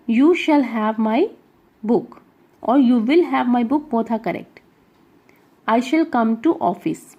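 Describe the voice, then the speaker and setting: A woman with an Indian English accent teaches an English grammar lesson, working through exercises aloud and explaining each answer step by step with frequent checking asides. Her voice is fairly high and mellow, and the audio sounds dull.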